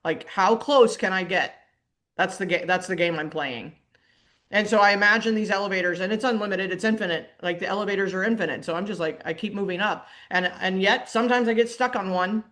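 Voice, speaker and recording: A middle-aged woman coach speaks in an animated, looping teaching style. She restarts her sentences often and breaks into laughter, and her voice sits at a middling pitch. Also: a little fast. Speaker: mindset coach. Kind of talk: casual teaching monologue.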